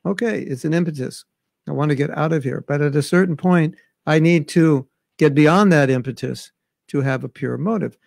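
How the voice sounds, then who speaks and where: Male spiritual teacher, slightly high and gravelly, dry recording; relaxed lecture with recited verses. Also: moderate pace, no room sound. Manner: conversational, recites verses in Bengali and Sanskrit. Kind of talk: scripture class lecture. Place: recorded at home during travel restrictions.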